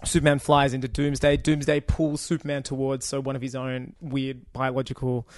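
A man's voice: mid-range voice, monotone, normal speed, no room sound, studio quality. A man co-hosting a podcast, chatting casually and sarcastically about a film, swearing freely. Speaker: podcast co-host. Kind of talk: casual movie review chat.

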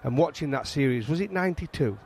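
A man's voice: fairly high pitch, fast talker, a little hiss or hum. A middle-aged man with a Yorkshire accent, telling stories in a casual chat as a guest. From England. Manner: animated storytelling, frequent restarts. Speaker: guest, former fast bowler.

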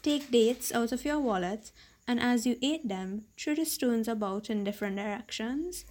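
A woman voicing a furious monstrous male genie who speaks loud, stern threats in old-fashioned speech, read aloud as a story. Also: a little high, moderate pace, close to an everyday voice. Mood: menacing.

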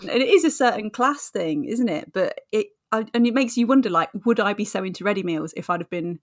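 A young woman chats loosely on a podcast, her voice sitting at a middling pitch. She trails off into fillers and breaks into laughter as she tells stories. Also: lively intonation, fast. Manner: chatty, laughing, many fillers. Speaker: podcast co-host. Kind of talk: casual chat.

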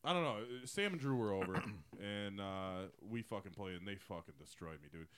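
A man co-hosting a podcast, joking and explaining a video game to friends in excitable casual talk. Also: on the low side, normal speed, clear, resonant tone. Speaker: podcast co-host. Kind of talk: casual chat while playing a video game.

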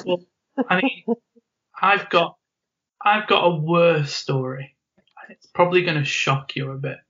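A man co-hosting a podcast, telling an animated story with frequent laughs and acted-out quotes. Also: fairly high pitch, measured pace. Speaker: podcast co-host. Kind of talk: casual storytelling chat. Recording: muffled lo-fi podcast audio.

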